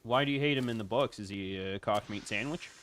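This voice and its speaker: A man's voice: on the low side, a little fast, background noise. A man chatting and joking sarcastically with friends while playing a survival game. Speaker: gamer. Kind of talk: casual co-op let's play chat.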